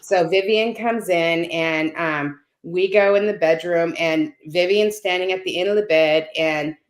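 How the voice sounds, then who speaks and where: A woman's voice: lowish voice, a little slow. Earnest woman telling a heartfelt story. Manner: earnest storyteller, frequent "right?" and "you know". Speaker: guest on a panel talk. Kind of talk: storytelling in casual conversation. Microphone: video call. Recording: roomy echo.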